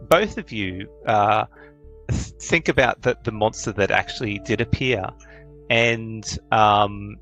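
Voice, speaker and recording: A man narrating a tabletop game as its game master. His voice sits a little low and he hesitates often, restarting lines. Soft music runs behind him. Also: slow. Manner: hesitant, full of ums and restarts.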